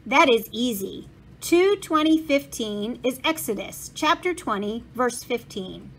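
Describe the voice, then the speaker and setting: A woman's voice: fairly high pitch, expressive, unhurried. A woman voicing an old German printer's hologram with a German accent, courtly and boastful in a storybook read-aloud. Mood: proud. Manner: grand, courtly and eager to help.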